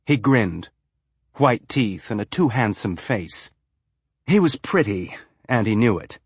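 A man narrating an audiobook with an even, measured reading. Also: fairly low pitch, slightly rough, no room sound, clean studio sound.

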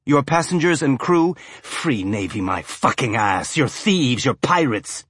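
Furious cargo ship owner, husky shouting, dry close sound; a male reader performs him. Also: mid-range voice, sing-song, a little slow, dry recording, heavily acted. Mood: enraged. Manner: shouting, cursing.

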